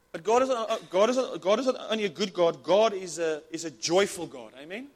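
A man preaching a sermon with fervent, repetitive delivery, often restarting his words. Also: sits high. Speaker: pastor.

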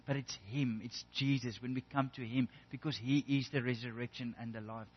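A man's voice: medium pitch, steady tone, fairly quick, breathy edge. A man preaching a sermon in an earnest way, often restarting and repeating words as he builds a point. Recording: echoey hall, dull lo-fi sound.

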